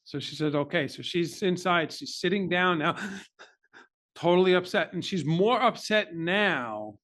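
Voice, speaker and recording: Man, slightly higher voice, heartfelt storyteller, candid interview guest. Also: expressive, unhurried, fairly bright tone. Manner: earnest, emotional personal storytelling. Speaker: podcast guest.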